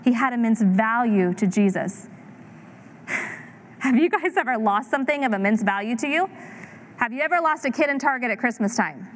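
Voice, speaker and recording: A woman in her thirties preaching a sermon, telling a story with lively acted-out voices. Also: on the high side, moderate pace, long pauses, slight background noise. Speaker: pastor.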